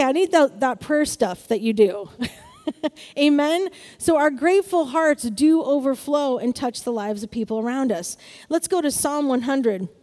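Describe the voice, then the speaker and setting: Upbeat high-voiced woman preaching. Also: darkish tone, in a large hall. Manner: upbeat, calls out "Amen?" to the congregation. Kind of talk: sermon.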